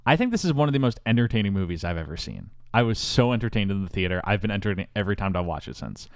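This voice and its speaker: A fairly low-voiced man hosting a casual podcast, his pitch swinging widely as he tells a story with mock-epic grandeur. The sound is close and dry, with no room behind him. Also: very animated, racing, dry recording. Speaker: podcast host.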